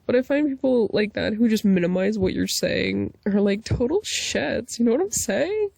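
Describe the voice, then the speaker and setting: A woman vlogger ranting casually to camera, animated and profane, with frequent laughing asides. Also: fairly high pitch, normal speed, creaky, dry recording.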